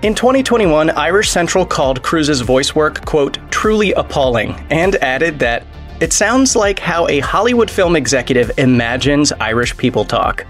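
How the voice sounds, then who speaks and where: Male narrator, sardonic, scripted, soft music underneath. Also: on the high side, big pitch swings, moderate pace. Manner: wry, sardonic delivery.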